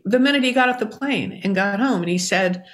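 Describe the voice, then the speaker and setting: Older woman guest recounting her past with animated energy, speaking at a moderate, mid-range pitch, with vivid storytelling, warm and conversational throughout. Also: brisk. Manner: animated, lively anecdotal storytelling. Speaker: songwriter guest. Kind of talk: storytelling interview answers.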